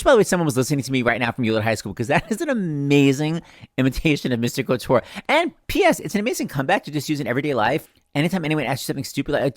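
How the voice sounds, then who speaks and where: A man's voice: a little high, fast, no room sound, clean studio sound. A man hosting a podcast, chatting casually and telling jokey stories. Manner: animated, jokey storytelling. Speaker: podcast host. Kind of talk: casual chat.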